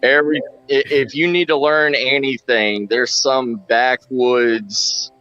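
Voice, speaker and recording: A man in casual chat, slow and measured, with hesitant restarts. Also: mid-range voice, steady tone, sharp tone, dry recording, muffled recording, faint music behind. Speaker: podcast co-host.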